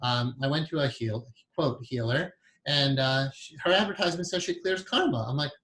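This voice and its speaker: A man's voice: mid-range voice, moderate pace, fairly bright tone. A man giving a casual, rambling lecture on hypnotherapy to a class, chatty and full of fillers and self-corrections. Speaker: hypnotherapy teacher.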